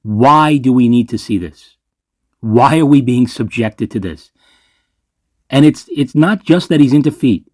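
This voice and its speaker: A man's voice: mid-range voice, animated, a little slow, darkish tone, dry recording, clean studio sound. Sarcastic ranting man reviewing movies. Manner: sarcastic, ranting, swears freely. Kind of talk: ranking list commentary.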